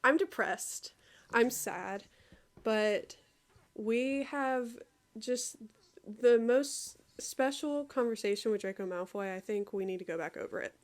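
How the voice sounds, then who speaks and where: A woman's voice: fairly high pitch, slow. A young woman chatting casually with a friend on a video. She giggles a lot, swears freely and makes fun of herself. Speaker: co-host. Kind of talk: casual chat reading out an AI conversation.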